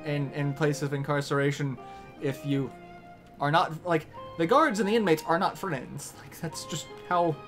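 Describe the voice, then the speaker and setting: A man's voice: fairly high pitch, moderate pace, a bit bright, soft background music. A young man casually chatting on a game livestream, rambling between topics and reading game lines aloud.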